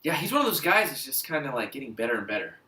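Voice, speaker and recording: Male co-host, casual movie banter, animated delivery; bright tone, recorded in an echoey room. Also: mid-range voice, racing. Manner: animated, laughs often, acts out quotes. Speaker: podcast co-host. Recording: echoey room, mic at a distance.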